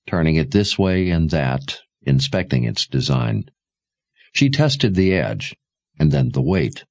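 A man narrating a novel aloud in a measured, expressive storytelling manner. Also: low-pitched, creaky, dry recording. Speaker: audiobook narrator. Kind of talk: scripted narration.

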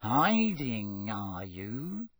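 A male narrator putting on a spiteful old caretaker who whines and gloats, his husky voice pitched high and swooping. He drags his words out slowly and sounds dry and close. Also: sing-song, fairly bright tone, no echo, exaggerated voice. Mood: menacing. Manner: gleeful, wheedling, malevolent whine. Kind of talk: audiobook character voice.

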